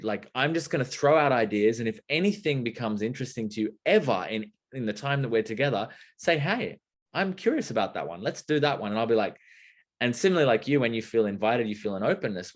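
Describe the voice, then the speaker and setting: A man's voice: medium pitch, expressive, a little fast. A man speaking as a guest in a casual conversation, explaining things expressively and acting out little exchanges.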